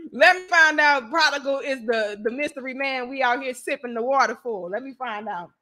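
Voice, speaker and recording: A woman hosting a casual live stream, reading donations and speaking in an animated, outspoken, slangy way. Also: sits high, normal speed, few pauses.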